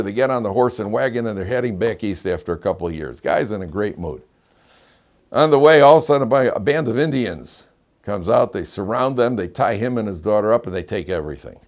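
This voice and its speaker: A man's voice: fairly low pitch, darkish tone. A man, a rabbi teaching a Torah class, who tells jokes and anecdotes and often repeats his phrases. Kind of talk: classroom lecture.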